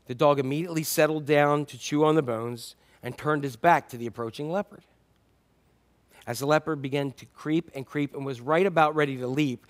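Animated storytelling male pastor. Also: fairly high pitch, brisk. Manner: animated, acts out the animals in the tale. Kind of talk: sermon storytelling.

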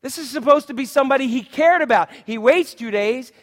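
A man preaching a sermon as pastor, animated, acting out quotes and putting questions to his listeners. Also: extremely high pitch, a little fast, big-room sound. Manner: animated, acts out quotes and asks the congregation questions.

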